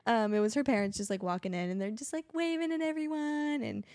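A woman with a fairly high, darkish voice talks fast while co-hosting a casual podcast from home, with children nearby. A mother, she rambles with plenty of fillers and laughs often. The audio is studio quality with no echo.

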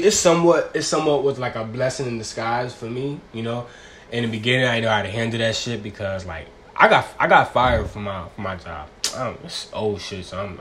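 Hosting his own casual podcast alone, a young man speaks in a fairly low yet slightly bright voice, rambling along with lots of slang and profanity. There's a bit of background noise.

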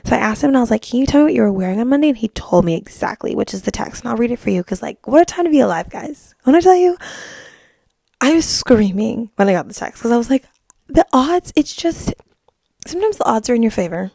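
A woman's voice: fairly high pitch, vocal fry, warm tone, dry recording, clean studio sound. A young woman hosting her podcast, telling a dating story in a gossipy, chatty way with lots of "like"s. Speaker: podcast host. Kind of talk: casual chat.

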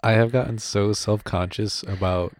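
A woman's voice: a bass voice, steady tone, moderate pace, a little mellow, no room sound. A young woman chatting casually, giving short laid-back replies. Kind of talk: casual chat.

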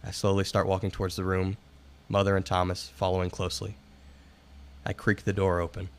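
A man with a low voice reads a ghost story aloud to friends on a podcast. His delivery is dramatic, with some stumbles over words. The tone is plain and unhurried. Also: monotone, smooth. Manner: dramatic reading with occasional stumbles. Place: room with friends, candle lit.

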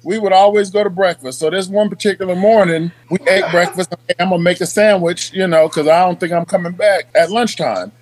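High-voiced man telling salty stories. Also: fairly quick, hardly any pauses, low-quality recording. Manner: profane, animated, laughs as he tells stories. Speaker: guest, Army veteran. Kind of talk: casual storytelling.

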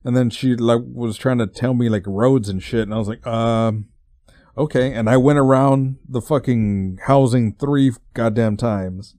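Podcast host, twenties, from Texas; dark, relaxed tone, dry booth sound, casual profane rambling with restarts. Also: male voice, mid-range voice, normal speed, hardly any pauses, no room sound. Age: 20s.

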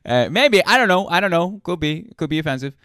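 A man's voice: a little high, animated, fairly quick, bright, forceful tone, no room sound, clean studio sound. A man hosting a casual chat, joking and reading chat questions aloud to his guest. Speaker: podcast host interviewing a streamer.

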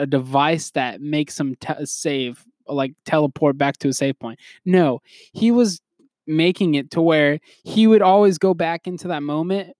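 Male podcast host, casual rambler who chuckles, slightly high voice, dry sound. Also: a little mellow, dry recording. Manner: rambling, full of "like" fillers and chuckles. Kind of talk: casual chat.

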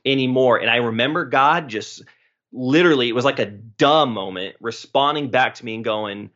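A man's voice: medium pitch, moderate pace, a bit bright. A man in his late twenties telling his personal story as a podcast guest, earnest and emotional, with phrases tumbling over each other. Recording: dull lo-fi recording.

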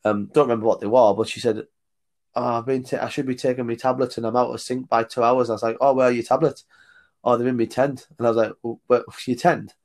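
A man's voice: medium pitch, steady tone, fast, a little mellow. A man, a tour leader and podcast guest, telling blunt stories and laughing between his points. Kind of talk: casual podcast storytelling.

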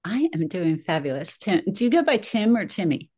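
A woman in her fifties, a guest on a podcast, telling her story in a lively, chatty way with frequent laughs. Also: medium pitch, normal speed, husky. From Philadelphia area. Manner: animated storyteller, laughs often, acts out her own quotes. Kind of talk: casual conversational interview.

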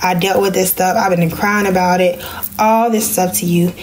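A young woman, telling a personal story in a casual podcast vlog and jumping into high voices when she quotes people. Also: fairly even intonation, normal speed, slight background noise. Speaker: podcast host.

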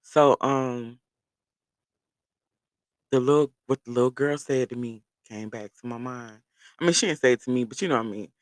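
A man's voice: medium pitch, moderate pace, long pauses, dry recording. Casual storytelling man, dry close sound. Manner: animated, profane, laughs through the story. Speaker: vlogger.

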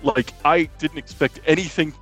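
A man hosting a podcast, talking in a casual, excited way with lots of restarts and fillers. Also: on the high side, moderate pace, soft background music. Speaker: podcast host. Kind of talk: casual chat.

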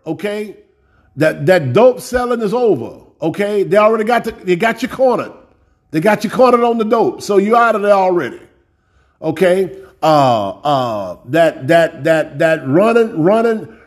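Fairly high-voiced man preaching, folksy. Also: animated, unhurried. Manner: repeats words while building up, folksy and direct. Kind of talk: sermon.

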